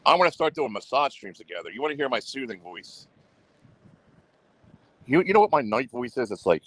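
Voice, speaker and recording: A man's voice: mid-range voice, very animated, brisk, long pauses, a bit bright, no room sound. A man hosting a livestream, talking in a rambling, boastful way and repeating himself. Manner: boastful and repetitive, goes on the offensive. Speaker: livestream host.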